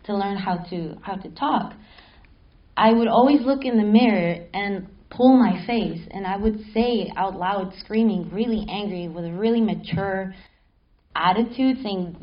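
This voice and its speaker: Animated woman telling a spooky story. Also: medium pitch, moderate pace, muffled recording. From Mexico City. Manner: animated, laughing, swears casually. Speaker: panel guest. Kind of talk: live panel storytelling. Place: stage at a film festival panel.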